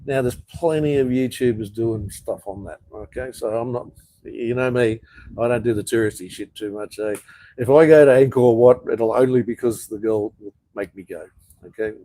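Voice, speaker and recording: Sweary, blunt man, mellow voice. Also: medium pitch, normal speed, no room sound, low-quality recording. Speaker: livestream host. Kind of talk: casual live chat. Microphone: phone or webcam livestream.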